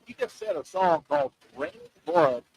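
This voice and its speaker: A man hosting a live radio show from an open-air oyster bar, chatting loosely and joking in a rambling, animated way. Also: a little high, moderate pace, slightly rough, rough recording. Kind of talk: casual radio chat.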